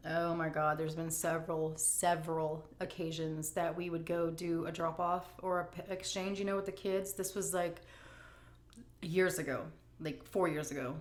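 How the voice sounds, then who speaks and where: A middle-aged grandmother vlogger chatting candidly and emotionally as she answers viewer questions. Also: lowish voice. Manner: candid, emotional, drawn-out emphasis. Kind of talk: casual Q&A chat. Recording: echoey room.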